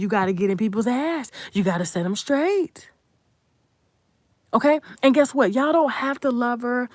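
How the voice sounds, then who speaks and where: A woman's voice: fairly high pitch, no echo. Blunt, profane woman host, dry close mic. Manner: blunt, profane, emphatic, addresses viewers directly. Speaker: commentary channel host. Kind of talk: unscripted commentary monologue.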